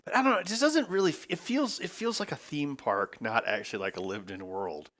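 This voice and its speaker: A man's voice: on the high side, a little fast, a bit bright. A man hosting his own channel, giving a casual, rambling movie review and acting out quotes in mock voices. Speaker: host.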